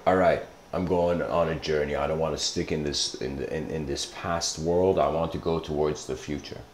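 A man's voice: extremely low pitch, fairly even intonation, moderate pace, a little mellow, slight background noise, pitched below the performer's own voice. A man voicing an earnest frog setting off on a journey, in his own everyday speaking voice. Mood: resolute. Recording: roomy echo.

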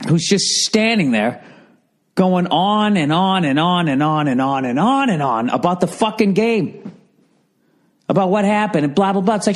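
A man in his forties with a Boston accent, hosting a solo podcast in a profane, rambling comedic rant. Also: a little high. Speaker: podcast host.

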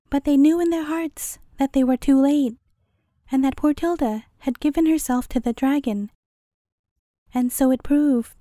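A woman storyteller narrating a fairy tale as a bedtime story in a gentle, measured way. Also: sits high, no echo, studio quality.

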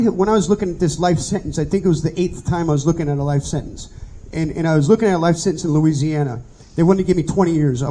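Middle-aged man, high voice, Bible study teacher sharing his testimony, earnest storyteller. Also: warm tone, slightly rough, rough recording.

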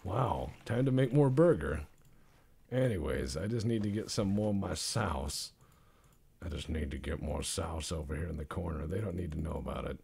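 A man with a gravelly, husky voice talks through his gameplay in a loose, rambling way. His pitch swings widely, from low deadpan mutters up to loud bursts. He sits a little low for a man. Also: normal speed. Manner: jokey, deadpan asides with sudden loud outbursts. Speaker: gameplay commentator.

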